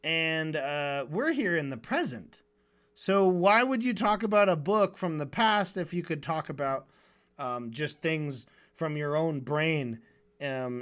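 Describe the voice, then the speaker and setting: A streamer reviewing a debate in a casual, sarcastic, rambling way, often restarting mid-sentence. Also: medium pitch.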